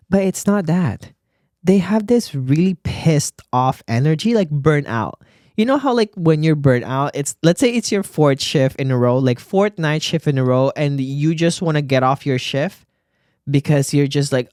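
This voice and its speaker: In a dry studio recording, a fairly high, darkish male voice with lively intonation talks at normal speed. He's a nurse with his own podcast, doing casual solo chat and dishing gossip to listeners with sass, addressing them as bestie and baby.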